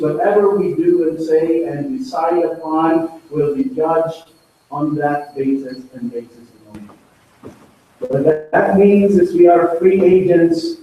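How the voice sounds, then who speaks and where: A man's voice: a little high, phone-quality sound. A man pastor preaching a sermon emphatically, pressing his points with rhetorical questions, recorded in a church sanctuary. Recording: very echoey church hall from far off.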